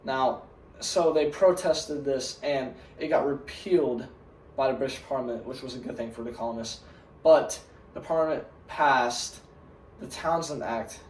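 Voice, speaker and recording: A man's voice: medium pitch, a little hiss or hum. Earnest young man presenting a class project. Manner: earnest, repeats "now" to start sentences. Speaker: student presenter acting as museum guide. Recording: roomy sound from a distant mic.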